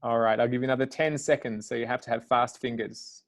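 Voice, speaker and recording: Relaxed man hosting a webinar. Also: mid-range voice. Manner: relaxed, halting with many fillers. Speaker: webinar host. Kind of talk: casual live webinar hosting.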